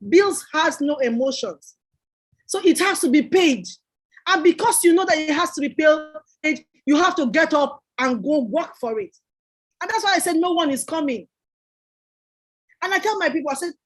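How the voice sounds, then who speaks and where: Lady giving a pep talk, high voice, hammers the same point over and over. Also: animated, moderate pace. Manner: emphatic and repetitive, preacherly. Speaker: guest entrepreneur. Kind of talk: motivational talk.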